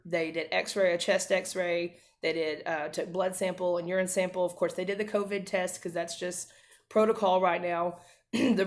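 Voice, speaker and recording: A woman in her thirties, a mother, earnestly telling a family story to camera, with many fillers and restarts. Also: lowish voice.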